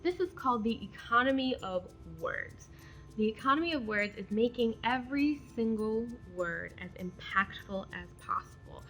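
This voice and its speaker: A woman's voice: on the high side, lively intonation, normal speed, fairly bright tone, soft background music. A young woman hosting a casual educational video, chatting through poetic terms and reading out examples. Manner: chatty, explains terms then reads examples aloud. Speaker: poetry video host.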